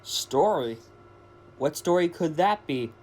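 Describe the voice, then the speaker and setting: Excitable, nervous engine in a cartoon, voiced by a man, lively pitch swings. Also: takes it slowly. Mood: anxious. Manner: anxious, excitable. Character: startled male engine, Robert.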